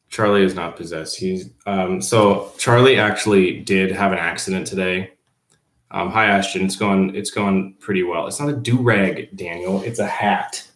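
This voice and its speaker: Low-voiced male teacher, chatty, echoey room. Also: fairly bright tone. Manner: reads viewer comments aloud and answers them offhandedly. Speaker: teacher livestreaming to students. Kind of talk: casual livestream chat. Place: at home, below the baby's room. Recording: roomy echo.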